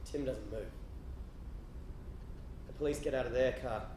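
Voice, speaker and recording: An Australian man doing stand-up storytelling, stammering restarts and swinging from hushed to shouting. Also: mid-range voice, steady tone, measured pace, roomy sound, noisy background. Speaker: storyteller comedian. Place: theatre stage with live audience.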